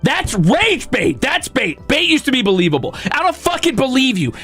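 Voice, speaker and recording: A young man streaming casually, reading viewer comments aloud and ranting with lots of swearing, flipping between outrage and mock calm. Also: extremely high pitch, moderate pace, hardly any pauses, husky, faint music behind. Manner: profane, excitable ranting that swings to mock calm.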